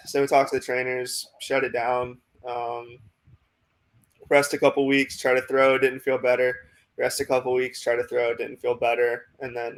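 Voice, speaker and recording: A young man in his twenties, a pitching prospect, telling a long story in a casual interview, rambling with lots of "like" and "you know" and acting out what coaches said. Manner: acts out quoted coaches in dialogue.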